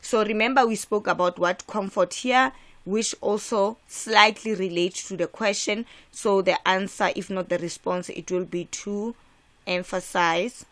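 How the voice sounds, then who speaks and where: A woman's voice: mid-range voice, steady tone, a little slow, a bit bright. A woman from South Africa teaching an exam revision lesson, emphatic and repetitive, with frequent restarts. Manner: emphatic, repeats key points, frequent filler restarts.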